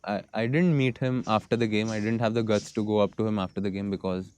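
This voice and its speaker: A man's voice: on the low side, fast, clean tone. A young man with an Indian accent, telling stories as a guest in a casual podcast conversation and slipping Hindi into his English. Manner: relaxed storytelling, mixing Hindi into English. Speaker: guest, football goalkeeper.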